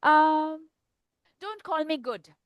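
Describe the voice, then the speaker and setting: Sly little storybook mouse voiced by a woman, Indian English accent, high bouncy voice, slow. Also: no room sound, highs cut off. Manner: sly, bold. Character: small clever boastful male mouse.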